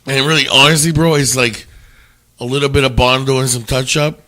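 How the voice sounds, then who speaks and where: A man hosting a casual podcast chat, telling animated stories full of swearing and stammered restarts. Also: mid-range voice, a little fast. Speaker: podcast host.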